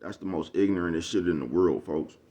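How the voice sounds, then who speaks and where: Through a muffled recording comes a deep, brisk male voice: a vlogger ranting casually at his viewers in profane, preachy street slang. He constantly asks whether they know what he's talking about.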